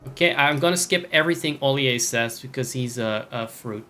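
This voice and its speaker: A man's voice: medium pitch, moderate pace, pushed and bright, faint music behind. A man streaming a game, rambling through jokey, self-mocking commentary. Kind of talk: gameplay commentary.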